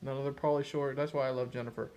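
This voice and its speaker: A man's voice: mid-range voice, steady tone, racing, a little mellow, lo-fi sound. A man hosting a casual chat, playful and teasing. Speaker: host.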